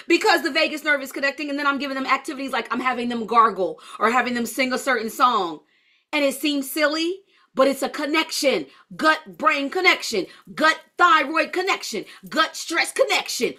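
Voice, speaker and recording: A woman's voice: high-pitched, animated, normal speed, sharp tone. A woman leading a live-streamed holistic health class, chatty and blunt, answering viewer comments as she goes.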